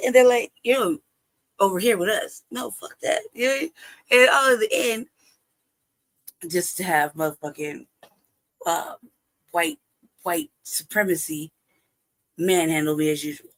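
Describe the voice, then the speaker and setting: A woman's voice: lowish voice, lively intonation, unhurried, long pauses. A woman hosting a live stream, telling a personal story in casual, profane talk, often laughing and acting out past exchanges. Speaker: livestream host.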